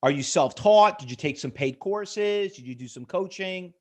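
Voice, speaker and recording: A man's voice: high voice, expressive, normal speed, a little mellow. A middle-aged man teaching day trading on a live webinar, selling hard with rhetorical questions and calling on viewers by name. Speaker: trading instructor. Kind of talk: live webinar sales pitch.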